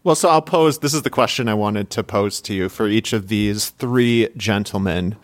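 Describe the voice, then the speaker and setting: A man hosting a casual podcast and putting questions to his guests. His voice sits fairly low and sounds dry, close to the mic with no room around it. He talks in a lively, animated way. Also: moderate pace, no echo. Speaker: podcast host. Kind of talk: casual chat.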